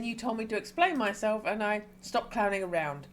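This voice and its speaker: A woman streamer reading a game's dialogue aloud and reacting with excited squeals between calmer reading. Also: mid-range voice, brisk, a little hiss or hum.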